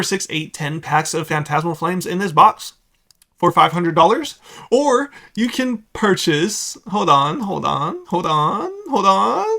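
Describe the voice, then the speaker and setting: A young man with a bright, edgy voice and a gravelly rasp running through it, pitched a little high for a man. He delivers blunt, sarcastic opinions as casual commentary, tossing off quick asides. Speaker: card collecting video host.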